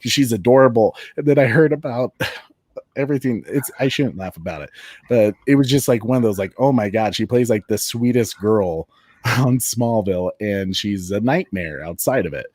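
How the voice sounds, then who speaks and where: Guy host chatting casual, kinda low voice, rambles and laughs a lot, dry close mic. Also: normal speed, a little mellow, no room sound. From Colorado, United States. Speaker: show host. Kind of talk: casual chat.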